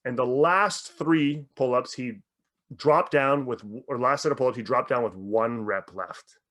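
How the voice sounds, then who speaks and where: Animated, swearing man, mindset coach. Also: mid-range voice, a little slow. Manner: animated storyteller, swears freely. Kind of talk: podcast interview.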